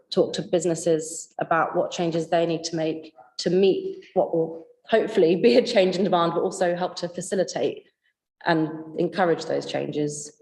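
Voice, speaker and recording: A woman's voice: lowish voice, a little mellow, poor audio. A woman councillor asks a thoughtful, long-winded question at a committee meeting.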